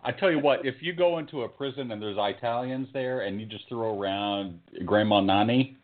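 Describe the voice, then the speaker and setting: A man's voice: medium pitch, normal speed. A man co-hosting a podcast, bantering, swearing and throwing out questions. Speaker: podcast co-host. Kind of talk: casual profane chat. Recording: phone-like lo-fi sound.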